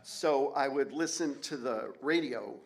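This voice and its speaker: A man's voice: medium pitch, unhurried, gravelly. Man, forties, live storytelling, wry, candid, swears freely. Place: auditorium stage.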